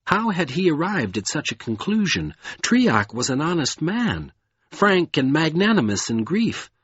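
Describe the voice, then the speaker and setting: Man, audiobook narration, lively pitch, husky voice, dry room, lo-fi. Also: unhurried, no echo.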